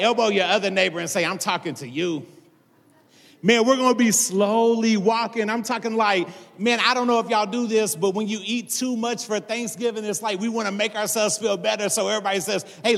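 A pastor delivers a casual sermon to his congregation in a large church hall, sprinkling it with "man" and "all right." His voice is high with a fairly bright tone, and there's a long hall reverb on the recording.

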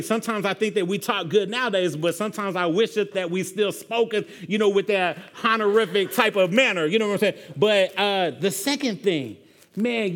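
Male pastor, high-pitched, laid-back conversational sermon, peppers lines with "man". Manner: casual, says "man" constantly, conversational preaching.

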